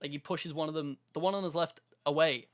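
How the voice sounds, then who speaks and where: This young man's voice is fairly high, steady, and fairly bright, moving at a fairly quick pace. Co-hosting a podcast, he shares a story in casual talk, acting out quotes and laughing a lot.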